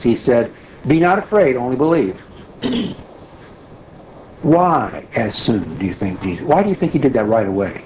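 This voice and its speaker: Male Bible study leader, animated, emphatic, conversational teaching. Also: mid-range voice, moderate pace, pauses often, a little hiss or hum, rough recording. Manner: animated, emphatic, asks the group questions.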